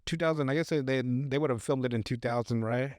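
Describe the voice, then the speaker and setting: A man on a podcast casually recapping a movie, profane and animated, acting out the characters' lines as he goes. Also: mid-range voice, fast, dry recording, clean studio sound. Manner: profane, animated retelling with acted-out quotes. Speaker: podcast host.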